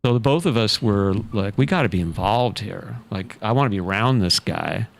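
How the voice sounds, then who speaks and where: A man telling a long personal story in a relaxed, anecdotal way, full of fillers. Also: on the low side, normal speed, creaky. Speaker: podcast guest, author. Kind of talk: casual storytelling.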